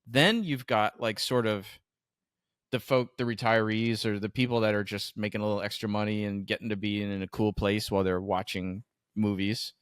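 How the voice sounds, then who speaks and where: Low-voiced man explaining easily. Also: moderate pace, smooth, no room sound, clean studio sound. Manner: relaxed and explanatory, chiming in with short agreements. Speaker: podcast co-host, stunt performer. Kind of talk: casual chat.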